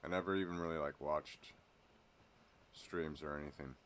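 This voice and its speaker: Deep-voiced, profane streamer man. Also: steady tone, moderate pace, fairly bright tone, a little hiss or hum. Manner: rambling, profane, laughs often. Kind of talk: casual chat while gaming. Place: at home.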